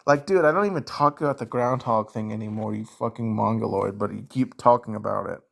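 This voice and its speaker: A man with a Southern US accent answers viewer questions in a casual, ranting commentary, talking slowly with many fillers. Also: lowish voice, vocal fry, a bit bright. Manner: slow, drawn-out delivery with many fillers.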